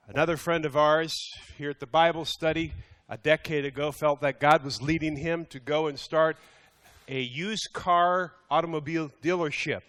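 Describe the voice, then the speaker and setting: A middle-aged man giving a lively teaching talk to a men's group in a meeting room, reading emails aloud with mock indignation. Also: fairly high pitch, clean tone. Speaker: Bible study teacher. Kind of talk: live sermon to a men's group.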